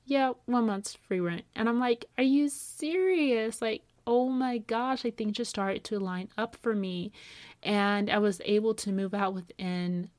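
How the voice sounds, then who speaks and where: A young woman telling a personal story to camera, animated and acting out her past reactions. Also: mid-range voice, moderate pace, no room sound. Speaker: video producer.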